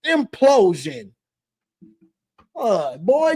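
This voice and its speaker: A man's voice: extremely high pitch, lively intonation, measured pace. A man hosting a call-in sports show, teasing and laughing through a casual rant.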